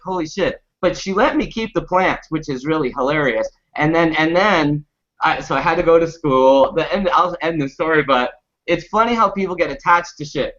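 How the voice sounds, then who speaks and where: A man with a bright, forceful voice spins a funny anecdote, laughing as he goes. His pitch sits a bit high for a man. The sound is muffled and lo-fi. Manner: animated, laughing anecdote with acted quotes. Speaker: panel guest. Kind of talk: casual storytelling. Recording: muffled lo-fi recording.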